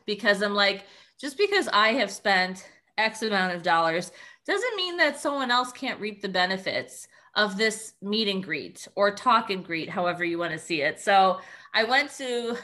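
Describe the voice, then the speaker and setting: A young adult woman co-hosting a podcast, chatting casually and telling stories in an animated way. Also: mid-range voice. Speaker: podcast co-host.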